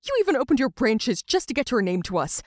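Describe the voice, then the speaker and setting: A woman's voice: a little high, big pitch swings, fast, darkish tone, no echo, clean studio sound. Woman voicing an anxious, controlling mother. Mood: tearful, angry.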